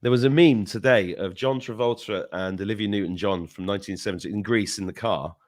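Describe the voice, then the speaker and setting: Rambling man, low voice. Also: a little fast, no room sound, clean studio sound. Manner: rambling, swears, laughs at own stories. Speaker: show host. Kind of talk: casual podcast chat.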